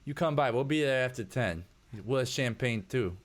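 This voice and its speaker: A man's voice: medium pitch, animated, normal speed, pitched above the performer's own voice, lightly acted. A man voicing a sleazy, crude male miner who leers and grins while he talks. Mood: leering.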